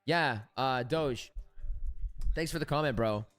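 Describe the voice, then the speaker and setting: Smooth-voiced man hosting a casual live stream. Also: medium pitch, slow pace, a bit bright, no room sound, faint music behind. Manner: casual and blunt, swears, talks straight to the viewers. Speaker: live-stream trading host.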